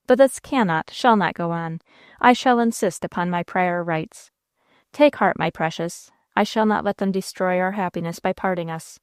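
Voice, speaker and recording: An ardent young suitor from an old romance pleads with emphatic devotion, as a woman narrator voices him. The voice is smooth and clear, and the sound is close and dry. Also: mid-range voice, dry recording, natural voice. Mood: indignant, resolute.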